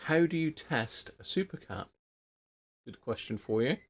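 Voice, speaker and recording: A man's voice: medium pitch, animated, a little slow, slightly rough. A man hosting a live repair stream, thinking aloud in a rambling, casual way and chatting with viewers. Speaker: radio repair livestream host.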